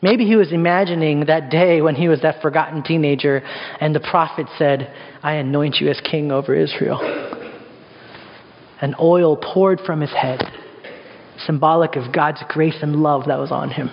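A man's voice: a little high, steady tone, moderate pace, a little hiss or hum. A man preaching a sermon in a casual, conversational way, full of rhetorical questions. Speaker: pastor. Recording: echoey hall, dull sound.

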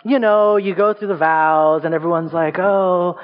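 A young adult male pastor preaching a sermon, telling stories in a lively way and pushing his voice higher for emphasis. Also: moderate pace. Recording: dull sound with long reverb.

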